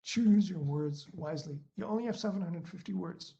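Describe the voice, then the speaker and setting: A man's voice: high voice, normal speed, creaky, warm tone. A man giving a presentation on a webinar, talking into his laptop's built-in mic, full of ums, uhs and restarts. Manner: hesitant, many fillers and restarts. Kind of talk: online presentation talk. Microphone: laptop built-in mic on a video call. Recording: dull lo-fi video-call audio.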